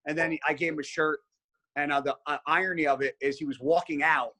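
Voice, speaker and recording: A man with a slightly high, husky voice tells a story as a podcast guest. He talks with a forceful, tense edge and swears constantly. His delivery is animated and casual. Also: a little fast. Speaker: podcast guest, pro bodybuilder.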